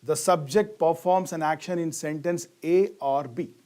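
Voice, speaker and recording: Fairly high in pitch and darkish in tone, a middle-aged Indian man talks at a moderate pace. His grammar lesson has him asking the class questions, then answering them on his own with strong emphasis on key words.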